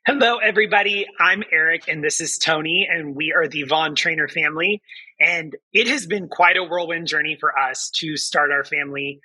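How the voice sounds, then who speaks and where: Bright, husky man, an excited guest. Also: fairly high pitch, moderate pace, no echo, poor audio. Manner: excited, earnest. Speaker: podcast guest. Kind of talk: conversational interview.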